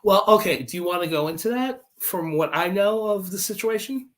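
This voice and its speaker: A man's voice: high-pitched, normal speed, fairly bright tone. A man with a slight New York accent, chatting as a guest on a stream in a friendly, meandering way. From Brooklyn, New York. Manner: meandering, friendly, restarts his thoughts. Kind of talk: casual chat.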